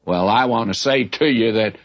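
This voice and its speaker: A man's voice: on the low side, moderate pace. An older man teaching the Bible in a sermon, candid and folksy, telling stories from his own ministry. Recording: dull lo-fi recording.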